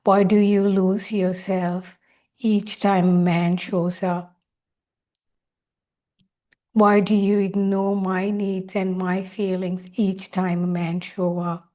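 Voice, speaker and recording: A woman's voice: medium pitch, level tone, slow pace, warm tone, lightly acted. A woman speaking as her listener's hurt, neglected inner child, asking one reproachful question after another. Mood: pleading.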